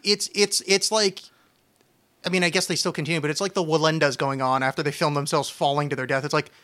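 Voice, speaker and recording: A man's voice: a little high, steady tone, fast, bright, forceful tone. A man hosting a casual podcast chat, rambling and swearing, restarting his sentences often. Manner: rambling, profane, restarts a lot. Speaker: podcast host.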